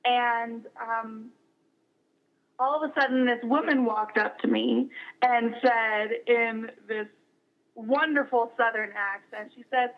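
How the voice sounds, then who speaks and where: A young woman being interviewed as a guest, speaking warmly and haltingly with many fillers and restarts. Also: fairly high pitch, steady tone. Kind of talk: casual interview. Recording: dull lo-fi recording.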